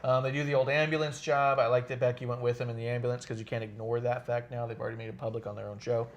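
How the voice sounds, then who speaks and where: Man, podcast co-host, casual wrestling chat, jokey, loud bursts. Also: medium pitch, level tone, racing. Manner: loud, jokey, bursts into shouts and mock singing.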